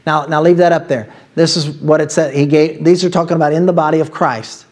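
Ohio pastor guy preaching, kinda high voice, chatty asides. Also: steady tone, brisk, hardly any pauses. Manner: conversational preaching with asides and laughs. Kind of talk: sermon.

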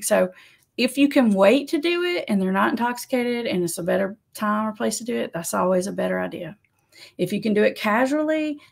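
A woman who works as an addiction counselor, giving casual advice to camera in a conversational, animated way. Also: mid-range voice, gravelly. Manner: conversational, animated, laughs often, acts out quotes.

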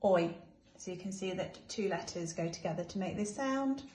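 A woman teaching young children phonics, slowly sounding out each letter sound. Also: mid-range voice, lively intonation, a little mellow. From England. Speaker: infant school teacher.

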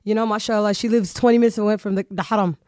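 A woman's voice: mid-range voice, fairly even intonation, racing, a little mellow, dry recording. A woman hosting a podcast, chatting casually and animatedly, with lots of "you know" and "like" fillers. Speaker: podcast host.

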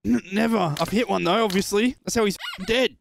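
A man's voice: high voice, brisk, creaky, slight background noise. A man gaming with friends, yelping and protesting in exasperation. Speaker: gamer. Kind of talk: casual gaming banter. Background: background music.

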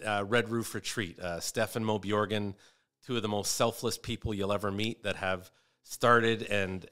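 A man's voice: fairly low pitch, pushed and bright, smooth. A man who is a comedian, chatting casually as a podcast guest and telling rambling stories about his family. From Canada. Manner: rambling, storytelling with restarts.

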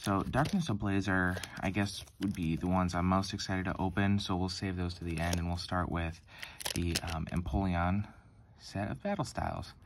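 A sleepy young man with a very low voice, talking softly, close to a whisper, with a trace of faint hiss behind him. He hesitates often, filling gaps with ums and likes. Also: moderate pace. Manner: soft-spoken and hesitant, many ums and likes, near-whispering. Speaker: card-opening channel host. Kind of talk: casual pack-opening vlog.

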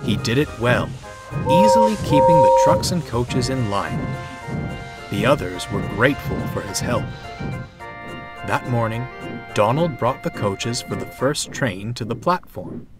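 A man narrating a storybook in a measured, expressive reading. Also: mid-range voice. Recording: narration over clear music.

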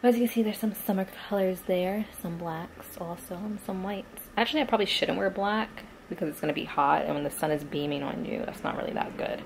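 Gravelly-voiced young woman vlogging casually. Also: lowish voice, fairly quick, few pauses, noisy background. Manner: rambling, chatty, laughs often. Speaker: lifestyle vlogger. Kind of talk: casual vlog chat. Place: at home, indoors.

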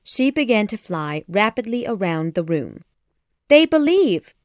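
A woman narrating a children's classic audiobook in a measured, expressive storytelling manner. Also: mid-range voice, dry recording, clean studio sound.

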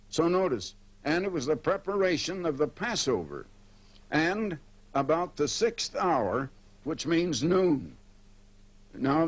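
An older man giving a televised sermon, reading verses slowly and explaining them in plain terms, with occasional fillers. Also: fairly high pitch, low-quality recording. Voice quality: pauses and fillers as he speaks freely. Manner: explanatory preaching, reads scripture aloud slowly and comments between verses. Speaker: evangelist broadcaster.

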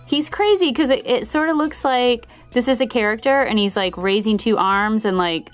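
A woman's voice: a little high, normal speed, faint music behind. A woman hosting a toy unboxing video, bubbly and giggly, gushing over each toy she opens. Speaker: toy channel host.

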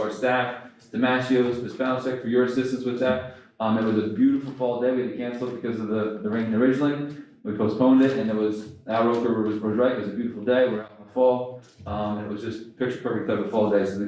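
A low-voiced man talks fast through a long report, stringing points together with frequent "um"s. His voice stays flat and level. He sounds far from the mic in a very echoey meeting room. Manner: quick, rambling with many fillers. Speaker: school principal. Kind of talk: reading a report at a board meeting. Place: school board meeting room.

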